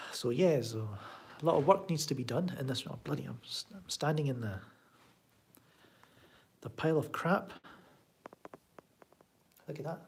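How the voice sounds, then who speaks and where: A man's voice: a little high, lively intonation, measured pace, gravelly, long pauses, darkish tone, slight background noise. A man with a Glaswegian Scottish accent chatting casually and sardonically on a live stream from his home, answering chat. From Scotland. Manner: rambling, sardonic, reads chat aloud. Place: home room.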